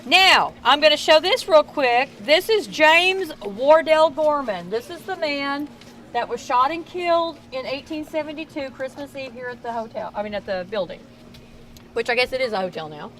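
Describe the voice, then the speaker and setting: A woman's voice: high-pitched, animated, normal speed, a bit bright, rough recording. Folksy Texan woman guiding a ghost tour. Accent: Southern US (Texas). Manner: chatty, folksy, projects to a crowd. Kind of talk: storytelling tour talk to a crowd. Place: outdoors on a town street tour at night. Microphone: camera held by a tour member.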